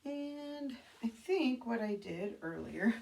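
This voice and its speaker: A woman's voice: a little high, animated, slow, vocal fry, a little mellow. A middle-aged woman talking casually through a makeup tutorial from her bathroom, correcting herself as she demonstrates. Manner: chatty, self-correcting, demonstrating as she goes. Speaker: makeup consultant. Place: home bathroom. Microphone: camera mic.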